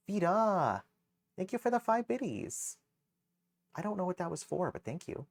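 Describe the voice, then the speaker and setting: A playful livestreamer bantering with chat into a desk mic. The pitch swoops all over, from quiet mumbles up to bright excited yelps, with a teasing edge throughout. Middle-pitched and very expressive. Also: normal speed, creaky. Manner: animated, jumps from mutters to excited squeals and laughter. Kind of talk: casual live-stream chat, thanking viewers.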